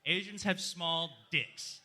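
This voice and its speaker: A male stand-up comic working a live club crowd, chatty and self-mocking as he talks with the room. His voice sits high and rings with a sharp, very bright edge. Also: slow. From outside the US. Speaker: stand-up comedian. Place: live comedy night in a social club.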